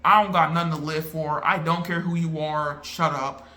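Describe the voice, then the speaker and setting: A weary young demon brushes everyone off in a flat, dismissive way, as a man acts him out while retelling a movie. The voice stays bright and close to his own. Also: a little high, normal speed. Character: weary young demon who has given up on life.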